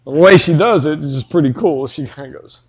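Pastor guy, kinda high voice, folksy and jokey, preaching a sermon. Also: fairly quick, slight background noise. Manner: folksy, joking, animated storytelling.

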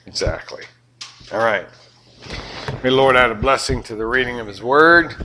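An older pastor with a Southern US accent preaching a sermon in a bright, forceful voice. He is animated and joking, and the recording of the live service carries a faint hiss. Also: mid-range voice, normal speed, poor audio.

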